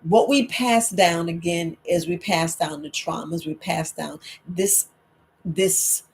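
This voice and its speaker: A woman's voice: fairly low pitch, takes it slowly, a little mellow. Woman, herbalist host, emphatic, preachy, repetitive, late-night Q&A talk. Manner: emphatic, preachy, repeats points.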